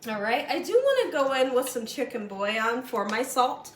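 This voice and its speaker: Woman cooking show host, high voice, chatty, echoey kitchen. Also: sing-song, moderate pace, slight background noise. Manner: chatty, coaxing, frequent "okay?" and "right?" check-ins. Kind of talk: home cooking demonstration. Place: home kitchen.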